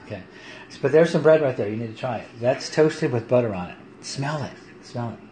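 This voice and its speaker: A middle-aged man chatting casually on a home livestream, lively and quick to laugh. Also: medium pitch. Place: home kitchen. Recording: echoey room, faint hiss.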